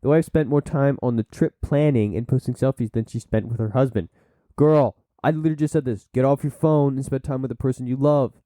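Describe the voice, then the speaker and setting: A man's voice: mid-range voice, a little fast, hardly any pauses, dark tone, dry recording. A man hosting a solo podcast, reading from sources and breaking off into blunt asides and silly put-on voices. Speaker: podcast host.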